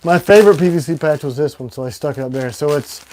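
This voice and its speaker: A man hosting a casual livestream, rambling and excitable, with sudden swings between loud and quiet. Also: fairly high pitch, fast, slight background noise. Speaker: knife maker hosting a livestream.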